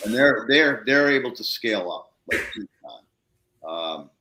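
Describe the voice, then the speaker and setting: A man's voice: on the low side, sing-song, unhurried, sharp tone, echoey room, slight background noise. A man hosting a podcast, telling a story in a casual, slangy way and acting out both sides of phone calls. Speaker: podcast host.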